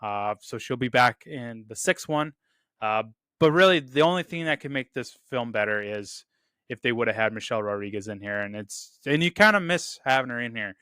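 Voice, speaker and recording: A man's voice: mid-range voice, animated, moderate pace, bright, forceful tone, smooth, dry recording, clean studio sound. A man hosting a casual movie review, enthusiastic and repeating "really, really" often. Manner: quotes lines in a loose put-on delivery. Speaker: film review host.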